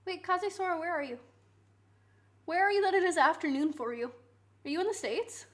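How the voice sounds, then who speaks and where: A woman's voice: very high voice, lively intonation, a little fast, fairly bright tone. A woman, chatting casually and teasingly with her viewers during a cooking stream. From Canada. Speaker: live streamer.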